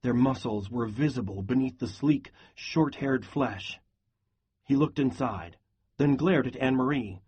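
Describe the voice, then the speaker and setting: Man, husky voice, read-aloud lesson, steady narration. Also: mid-range voice, a little slow. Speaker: teacher reading a novel aloud.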